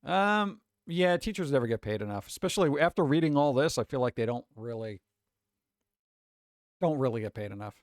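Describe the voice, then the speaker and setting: Brisk and lively in intonation, this man's mid-range voice has a slightly mellow quality. He's live streaming, casually reacting to posts in a loose, profane ramble full of restarts, recorded cleanly with no room sound.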